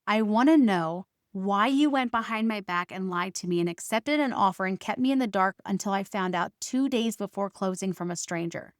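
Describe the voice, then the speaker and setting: A woman's voice: mid-range voice, normal speed, few pauses, no room sound, studio quality. A woman podcast host telling a personal family story as a monologue, recounting arguments by quoting both sides with emphatic stresses.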